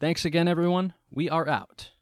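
A man's voice: on the high side, steady tone, normal speed, slight background noise. A man, a regular of a tabletop game podcast, chatting casually and reading the show's sign-off. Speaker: podcast host and player. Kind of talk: casual chat and podcast outro.

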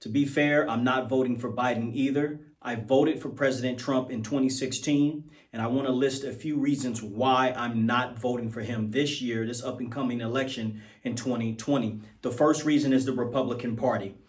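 A man's voice: medium pitch, fairly even intonation, moderate pace. A middle-aged man from the United States giving an emphatic political commentary monologue, arguing point by point and throwing rhetorical questions at his viewers.

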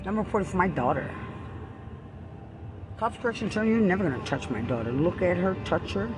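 Man, high-pitched, angry rant, accusing, repetitive, swearing, outdoors, music in the background. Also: animated, fairly quick. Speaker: person ranting at someone.

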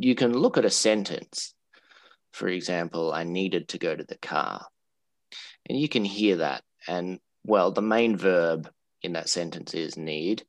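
A male English teacher talks through ideas in a relaxed, explanatory way. His voice sits very low, and he often restarts phrases and repeats words. The recording is dry and close. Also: no echo. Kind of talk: casual explanatory chat.

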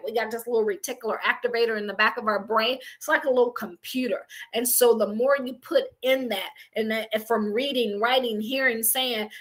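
Woman, high voice, energetic faith coach, casual preachy motivational delivery.

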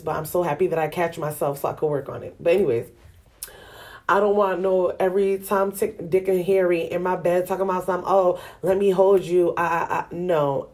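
A woman hosting a podcast, talking frankly and chattily to listeners in a sassy, laughing way. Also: fairly low pitch. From Ghana. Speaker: podcast host. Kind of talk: candid solo podcast talk.

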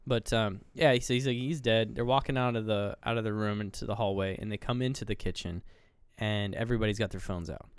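A podcast co-host with a lowish, clear, resonant voice talks fairly quickly, casually retelling a horror movie scene by scene in a movie review chat. He animatedly acts out the characters' lines, and the studio-quality sound has no echo.

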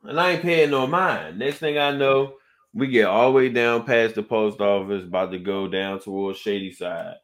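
A man co-hosting a podcast, telling a story in a casual, animated way and acting out the people in it. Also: lowish voice, normal speed. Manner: animated storyteller, acts out quoted exchanges. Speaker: podcast co-host. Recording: roomy echo.

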